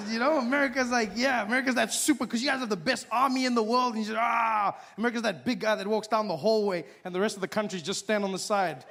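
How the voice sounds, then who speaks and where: A man performing a stand-up comedy set, animated and acting out characters in loud voices. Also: fast, hardly any pauses, a crowd in the background, noisy background. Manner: animated, acts out characters with shouted high-pitched voices.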